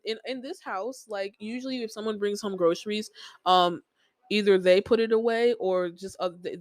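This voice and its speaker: A woman's voice: medium pitch, darkish tone, no room sound, low-quality recording. A young adult woman hosting a podcast, venting in a casual personal monologue with many "like" fillers, repeating herself. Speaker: podcast host.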